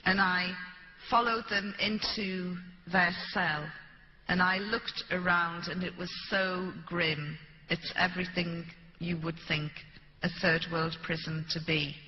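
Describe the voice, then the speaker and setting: A woman's voice: lowish voice, steady tone, takes it slowly. A British woman speaking to an audience, telling a first-person story and acting out the people she quotes. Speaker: public speaker. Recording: dull, echoey hall recording with light hiss.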